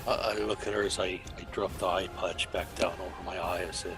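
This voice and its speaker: A man's voice: deep voice, level tone, brisk, music in the background. A man playing a tabletop game, plainly stating what his character does. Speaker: player.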